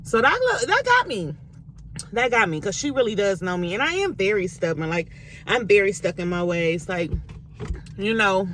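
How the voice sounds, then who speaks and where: A young woman vlogging casually to camera from her car, speaking candidly and emotionally with animated swings in pitch. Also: normal speed, a little hiss or hum. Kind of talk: casual chit-chat to camera.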